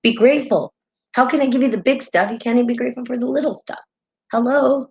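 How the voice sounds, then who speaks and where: A woman's voice: fairly high pitch, steady tone, fast, a little mellow, lo-fi sound. A woman hosting a spiritual live stream in casual talk, heartfelt and rambling, often tagging her sentences with "right?", and tearful at times.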